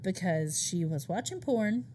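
A woman's voice: fairly low pitch, lively intonation, measured pace, warm tone, a little hiss or hum. Play a woman relaying a story to her co-host, loose and conversational, with fillers. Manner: chatty storyteller, many fillers. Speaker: podcast co-host. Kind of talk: casual chat.

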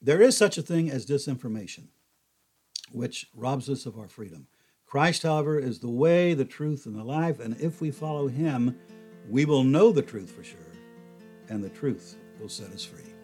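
An older man giving a folksy, conversational Bible teaching, animated when he quotes others. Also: mid-range voice, normal speed, faint music behind.

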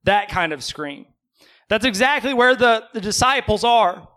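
High, bright-voiced preacher man. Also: expressive, a little slow. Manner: conversational, asks the congregation questions, joking asides. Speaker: pastor. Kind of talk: sermon. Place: church.

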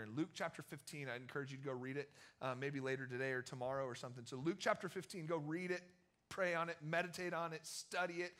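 A young man preaching to a youth group, his voice bright and forceful and pitched a little high. He talks casually, with plenty of slang, and acts out quotes as he tells Bible stories. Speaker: youth pastor. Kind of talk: sermon.

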